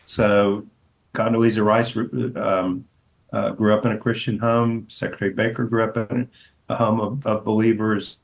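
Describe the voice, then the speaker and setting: A man's voice: little pitch movement, moderate pace, creaky, rough recording. A middle-aged man, a pastor and author, telling stories as a podcast guest, rambling with many restarts. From American South. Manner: rambling, full of restarts, acts out quotes in a higher voice. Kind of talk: storytelling interview.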